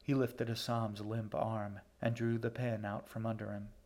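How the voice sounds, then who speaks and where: A man narrating an audiobook in a steady, measured way. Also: fairly low pitch.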